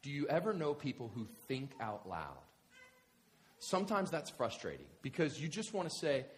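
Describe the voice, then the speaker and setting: A male pastor delivers a conversational sermon with a fairly high voice that swings widely in pitch. He talks in an animated, storytelling manner, casual and direct. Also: moderate pace.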